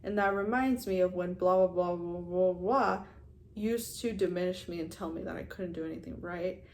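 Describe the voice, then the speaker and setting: A woman's voice: fairly low pitch, fairly even intonation, brisk, a little mellow, a little hiss or hum. A young woman in her twenties talking frankly and casually to her viewers, swearing now and then and calling them you guys. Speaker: vlogger. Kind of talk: candid personal vlog talk.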